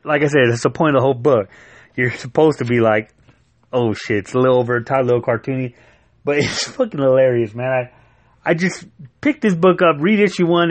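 A man's voice: medium pitch, no echo. Dry-sounding casual man reviewing comics. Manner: loose, profane, laughing retelling.

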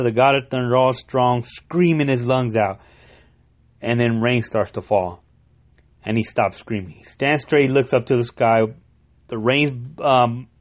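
A young man casually retelling a comic book story, excited and profane, with many restarts and fillers. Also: mid-range voice.

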